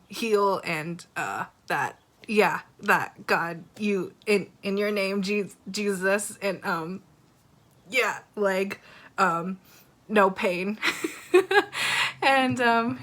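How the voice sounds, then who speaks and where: A woman's voice: on the low side, a bit bright. A young woman sharing a personal faith testimony in a candid, rambling way, with frequent fillers and self-conscious laughter. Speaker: church member sharing a devotional.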